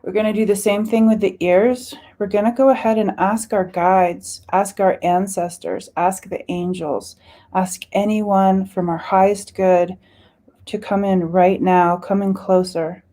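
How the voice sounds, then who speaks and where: Soft-voiced woman guiding a meditation. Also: medium pitch, fairly even intonation. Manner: soft, drawn-out, soothing, with chanted syllables and sighs. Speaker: spiritual meditation guide. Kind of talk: guided meditation with chanted light language.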